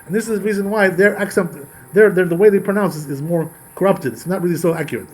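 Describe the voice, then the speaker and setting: A man's voice: high voice, fast. A man, a rabbi giving a Torah lesson in an emphatic style full of rhetorical questions and repeated phrases. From Georgia.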